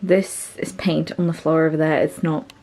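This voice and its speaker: Young woman vlogger, slightly low voice, casual chat with self-mocking asides, recorded in her bedroom. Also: level tone, normal speed, a little mellow. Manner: chatty and self-deprecating, joking asides. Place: her small bedroom at home.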